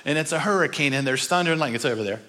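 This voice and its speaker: Guy giving a sermon, kinda high voice, lively, lots of questions, echoey hall. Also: racing. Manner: animated, rhetorical questions, acts out voices. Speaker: speaker. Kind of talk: sermon teaching.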